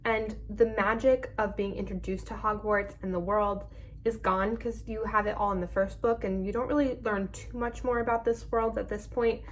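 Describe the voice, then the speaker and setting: A young woman reviewing a book for her vlog. She talks casually and chattily, filling pauses with 'um' and 'like', at a medium pitch for a woman. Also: fairly even intonation, slight background noise, poor audio. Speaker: book club vlogger.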